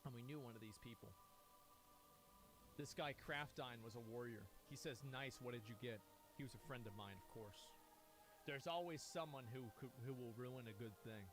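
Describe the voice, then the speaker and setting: A man streaming, telling a profane, animated story and acting out the quoted dialogue. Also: medium pitch, moderate pace. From United States. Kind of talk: casual storytelling to stream chat.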